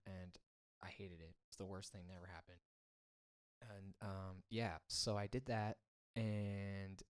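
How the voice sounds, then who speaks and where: A man's voice: fairly low pitch, clean tone. A young man, a musician, recounting his band's history in a casual chat, rambling with many fillers. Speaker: guest musician.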